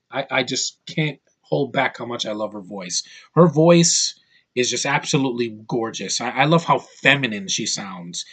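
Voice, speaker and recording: A man's voice: mid-range voice, fairly bright tone. Rambling opinionated man reviewing a movie. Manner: rambling, opinionated, many fillers and restarts. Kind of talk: casual talk-to-camera review. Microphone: camera mic, close to camera.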